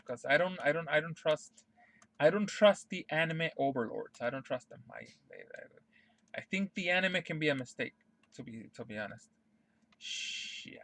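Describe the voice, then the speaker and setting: A man's voice: a little high, fairly bright tone. A man streaming a casual ranting monologue, profane and emphatic, repeating his points over and over.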